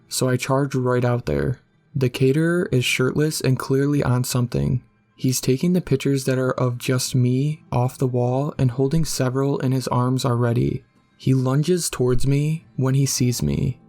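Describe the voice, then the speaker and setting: A man reads a scary story in a medium-pitched voice that stays steady and level, rarely rising or falling. The tone is dark and mellow, and the delivery feels scripted and unhurried.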